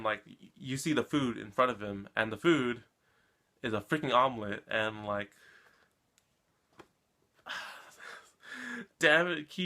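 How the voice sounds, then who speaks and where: A man's voice: medium pitch, sharp tone. A man recapping an anime episode in a casual, rambling way, often tagging his sentences with a questioning "right?". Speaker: anime reaction vlogger.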